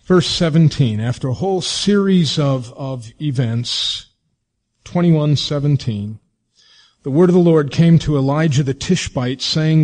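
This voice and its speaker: Rhetorical questions and long, expressive emphasis mark a sermon from a male preacher whose voice sits at medium pitch.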